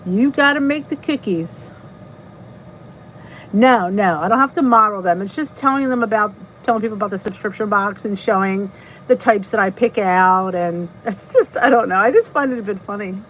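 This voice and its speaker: Reading her live chat, a middle-aged New Jersey woman greets viewers, chats casually, and pokes fun at herself. She has a medium-pitched, fairly bright voice at ordinary speed, captured in a low-quality recording with a bit of background noise.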